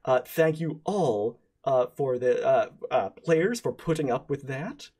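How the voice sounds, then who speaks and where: Halting, breathy game master man. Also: mid-range voice, expressive, darkish tone. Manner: halting, full of "uh" and restarts. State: sleep-deprived. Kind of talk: narrating a tabletop game.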